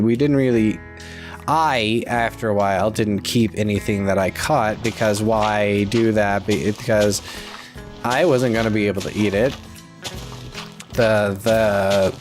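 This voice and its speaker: A man giving casual gameplay commentary, rambling to himself as he plays and drifting into halting personal stories. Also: medium pitch. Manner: rambling, talks to himself while playing; reminisces in a loose, halting storytelling way. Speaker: let's play host.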